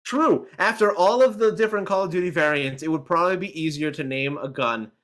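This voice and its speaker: A man's voice: on the high side, a little fast, fairly bright tone. A man co-hosting a casual podcast chat, joking and swearing freely. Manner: swearing, joking, lots of restarts. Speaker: podcast co-host.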